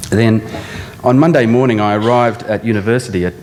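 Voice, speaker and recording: A man's voice: fairly low pitch, brisk, darkish tone. A middle-aged man, an architect, introducing a speaker with dry, anecdotal stories, now and then putting on an accent. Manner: dry storytelling with occasional accent impressions. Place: large lecture theatre. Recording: long reverb in a large lecture hall, faint hum.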